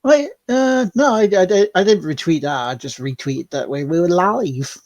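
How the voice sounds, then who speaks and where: A podcast co-host chatting casually in a relaxed way. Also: medium pitch, normal speed, no echo, highs cut off. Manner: relaxed, laughs often. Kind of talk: casual chat on a live stream.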